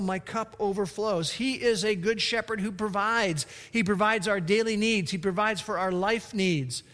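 A man's voice: high-pitched, a bit bright, big-room sound. A man preaching a sermon as pastor, telling a story and then reading scripture with strong emphasis.

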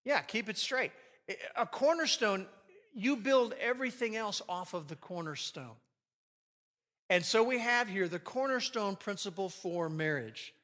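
A man's voice: high-pitched, animated, measured pace, sharp tone. A man teaching a marriage class to a live audience in a sermon style, joking and reading scripture aloud. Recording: long reverb of a large hall.

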